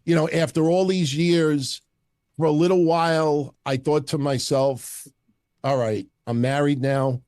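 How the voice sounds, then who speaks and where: A man's voice: a little high, a little slow, no echo, clean studio sound. A middle-aged man, telling stories bluntly and profanely in a casual interview. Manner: blunt, profane, animated storyteller. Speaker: wrestling podcast host as guest.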